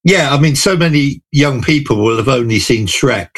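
A man talking enthusiastically about films on the radio, casual and chatty with a few halting restarts. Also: medium pitch, expressive, fairly bright tone, husky, dry recording. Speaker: film reviewer. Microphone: studio microphone.

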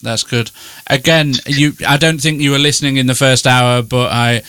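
A man hosts a podcast interview with a smooth, clear voice at a middle pitch. He speaks in a relaxed, affirming way and drops in gentle jokes. The recording is dry and close. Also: moderate pace, no room sound. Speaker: podcast host. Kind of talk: casual interview.

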